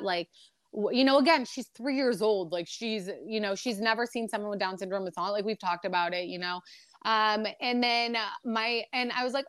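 A woman's voice: medium pitch, normal speed, a bit bright, no echo, studio quality. A young adult woman co-hosting a podcast, telling a personal story in a rambling, emotional way with lots of fillers. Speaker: podcast co-host. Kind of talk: casual chat, personal story.

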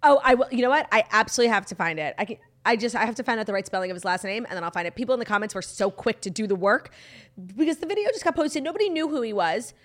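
A young woman co-hosts a gossip podcast in a casual, rapid, animated style. Her fairly high voice runs through stories packed with fillers. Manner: animated, fast storytelling with many fillers. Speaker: podcast co-host.

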